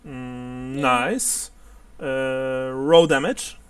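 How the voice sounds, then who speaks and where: A man's voice: medium pitch, steady tone, drawn-out words, distant mic, slight background noise. A man narrating and explaining rules as game master of a tabletop game, laughing often.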